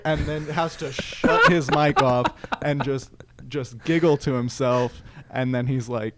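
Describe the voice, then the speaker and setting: A man's voice: medium pitch, measured pace, hardly any pauses. A former team staffer, a man, telling a funny story on a podcast and laughing as he goes. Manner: lively storyteller, laughs through his stories. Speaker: former team employee, guest.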